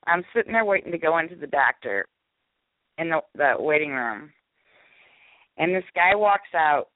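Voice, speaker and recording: A woman's voice: low-pitched, no echo. Giggly woman telling a story by phone. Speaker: caller and co-host. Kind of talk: casual storytelling. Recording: tinny phone line.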